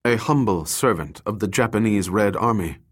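A man voicing a calm, menacing male commando leader in an audiobook, speaking slowly, quietly and with cold politeness. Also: fairly low pitch, husky. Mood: cold menace. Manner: slow, quiet, coldly polite. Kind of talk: audiobook character voice.

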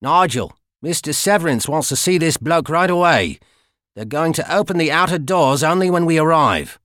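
A man's voice: on the high side, expressive, normal speed, a bit bright, no room sound, clean studio sound, voice pushed up. A man voicing a brusque armed male guard with a Cockney accent, barking curt orders. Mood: menacing. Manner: curt, menacing barks.

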